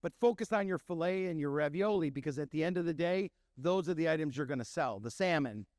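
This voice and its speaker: Middle-aged chef, lively storyteller who acts out quotes; high-pitched voice, dry recording. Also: male voice, fast, no room sound. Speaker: chef and restaurant owner. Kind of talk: storytelling talk.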